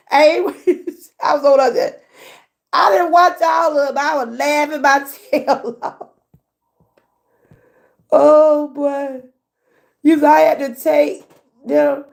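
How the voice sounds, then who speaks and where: A woman's voice: high-pitched, slow pace, creaky, long pauses, a little mellow. A woman with a Southern US accent hosting a casual livestream, chatty, laughing often and talking back to her chat. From Georgia, US. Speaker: livestream host.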